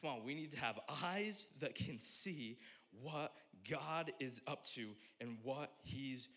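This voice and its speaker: A young man preaching a sermon as a pastor, telling stories in an animated way and acting out the voices. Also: medium pitch, takes it slowly. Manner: animated storytelling, acts out voices.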